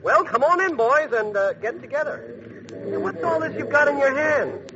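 A man's voice: very high-pitched, normal speed, vocal fry, pushed and bright, heavily acted. Breezy fearless boy hero. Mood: joking. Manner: breezy, joking, unflappable. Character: fearless cheeky young hero Bud, a boy. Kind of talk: 1940s radio acting. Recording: dull old radio broadcast with hiss.

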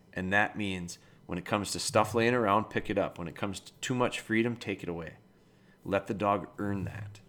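A man with a somewhat low voice talks through dog training questions in a relaxed, matter-of-fact way. He sounds middle-aged and steady, like a podcast host chatting casually. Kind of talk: casual advice talk.

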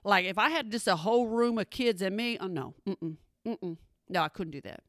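A woman's voice: mid-range voice, lively intonation, moderate pace, fairly bright tone, no echo. A woman doing stand-up comedy, sassy, with dry asides. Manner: sassy, dry asides, drops into mimicked voices.

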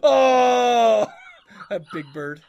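A man's voice: extremely high pitch, drawn-out words, vocal fry, lo-fi sound. A man co-hosting a podcast in casual chat, joking and laughing often. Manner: laughs often, jokey and animated. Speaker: podcast co-host.

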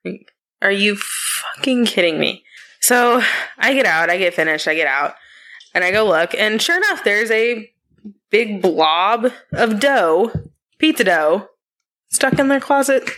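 A woman in her thirties co-hosting a family podcast, telling stories in a casual, animated way and swearing freely. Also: medium pitch, a little slow. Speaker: podcast co-host. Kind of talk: casual chat.

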